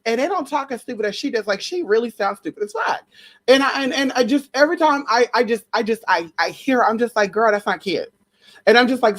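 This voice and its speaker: A woman vloggs a loose gossip rant, brash and heavy with cursing. She calls her viewers honey and girl and slips into a shrill, high voice to mock the people she talks about. Her pitch sits mid-range for a woman. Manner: brash, profane and sassy, with pet names; mocks others in a shrill high voice.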